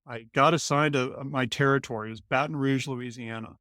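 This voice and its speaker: A man from Colorado, a company CEO, telling a lively story as a guest in an interview and acting out the voices of the people in it. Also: medium pitch, fairly quick, dry recording. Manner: animated, acts out quoted lines in other voices.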